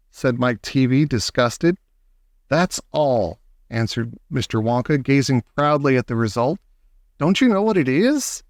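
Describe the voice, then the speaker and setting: A man narrating a children's novel as an audiobook reader, in a measured, expressive storytelling manner. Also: medium pitch, dry recording, clean studio sound.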